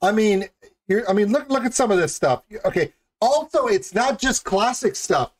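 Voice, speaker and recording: A man's voice: sits high, lively intonation, normal speed. A man hosting a music video reaction, talking in an enthusiastic, rambling and jokey way. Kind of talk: casual reaction commentary.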